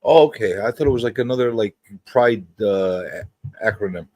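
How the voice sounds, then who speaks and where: A man's voice: lowish voice, normal speed, a little mellow, no room sound. A man hosting a casual live-stream chat, joking and teasing his co-host and the chat. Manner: joking, teasing, jumps into silly voices. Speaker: podcast host.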